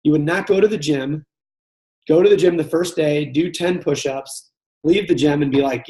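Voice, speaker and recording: A man leads a live webinar for salespeople, speaking in a somewhat high voice. He is earnest and direct, circling back and repeating phrases as he works out what he means. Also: normal speed, dark tone. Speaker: sales coach hosting a live training call. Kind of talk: live webinar coaching talk.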